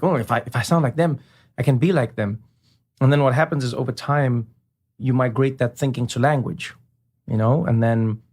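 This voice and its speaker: A man, a guest in an interview, telling animated stories and slipping into impressions of others. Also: medium pitch. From South Africa. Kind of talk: conversational storytelling.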